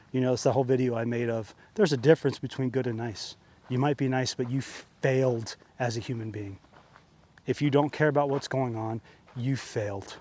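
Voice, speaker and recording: A man's voice: medium pitch, a little mellow. A man delivering an angry, profane monologue rant, fired up and sweating, repeating himself for emphasis. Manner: heated, profane, repetitive ranting. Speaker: vlogger. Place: outdoors under an open sky.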